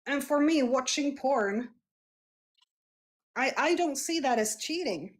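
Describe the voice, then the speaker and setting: A woman's voice: sits high, lively intonation, takes it slowly. A young woman from Scandinavia, talking in a casual street conversation, hesitant and searching for words. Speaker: street interviewee.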